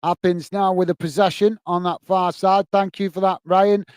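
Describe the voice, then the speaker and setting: A man's voice: high voice, little pitch movement, moderate pace, darkish tone, smooth, dry recording. A man hosting a live football watch-along, chatting casually between match commentary and reading viewers' messages, with rambling self-corrections and a friendly "mate" manner.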